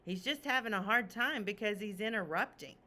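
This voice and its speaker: A woman teacher with a medium-pitched voice reads a picture book aloud to children a little fast. She reads expressively and asks them questions.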